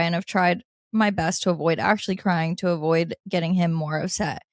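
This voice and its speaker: A woman co-hosting a casual advice podcast, talking in an animated way with frequent laughs and reading listener letters aloud. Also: on the low side, no echo, studio quality. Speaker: podcast co-host.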